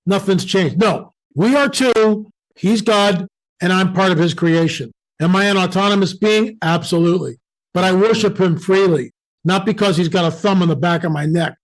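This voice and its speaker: A man's voice: high voice, normal speed, rough recording. An American man in an emphatic, preaching style of talk, who acts out the voices of the people he quotes. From United States. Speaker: guest speaker.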